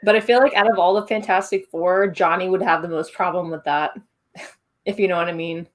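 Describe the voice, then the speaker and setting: A woman's voice: fairly low pitch, fairly even intonation, brisk. A woman joining a casual livestream chat as a guest, speaking hesitantly with small restarts.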